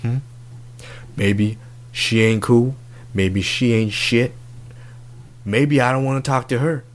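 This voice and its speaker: A man's voice: medium pitch, fairly even intonation, takes it slowly, natural voice. A man playing a brash, crude love-advice doctor in a comedic podcast bit, talking in swaggering, profane slang.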